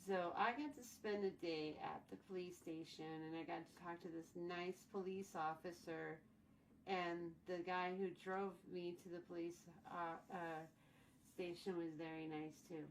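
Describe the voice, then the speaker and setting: A woman in her forties tells a personal story in a loose, rambling way, often repeating herself. Her voice is low and sounds set back from the mic. Faint background noise sits under her voice. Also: fairly even intonation, measured pace, recorded from a distance, low-quality recording. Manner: rambling, repeats and restarts phrases. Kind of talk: casual storytime vlog.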